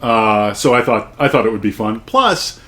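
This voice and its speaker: A man's voice: fairly low pitch, expressive, normal speed, sharp tone. A man co-hosting a casual podcast, with dry humor and a hesitant, filler-heavy delivery. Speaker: podcast co-host.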